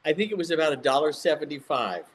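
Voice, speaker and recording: An older man from Mississippi, a guest telling animated, self-mocking stories in a casual chat. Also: on the high side, fast talker. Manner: jokey, animated anecdotes with self-mocking humor. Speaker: guest actor. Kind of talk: casual storytelling.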